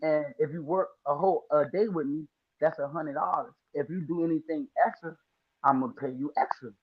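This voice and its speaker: A man's voice: fairly high pitch, brisk, muffled recording. A man from the Washington, D.C. area, a lawn care business owner telling his story as a podcast guest, casual and slangy, acting out quotes.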